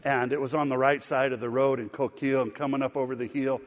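A middle-aged man preaching a sermon, telling a folksy story with laughter in an animated way. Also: mid-range voice, fast. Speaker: pastor. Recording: sanctuary reverb.

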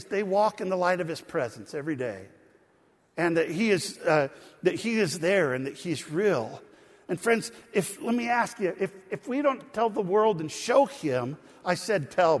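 Storytelling pastor in a reverberant church. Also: male voice, high-pitched. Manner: storytelling, rising to emphatic preaching. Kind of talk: sermon. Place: church sanctuary.

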